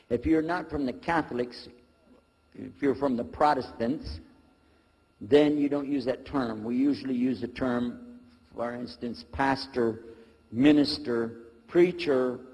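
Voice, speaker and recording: Husky-voiced man lecturing in a hall. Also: mid-range voice, darkish tone. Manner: joking, folksy and conversational. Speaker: Islamic lecturer. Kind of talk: lecture to a live audience.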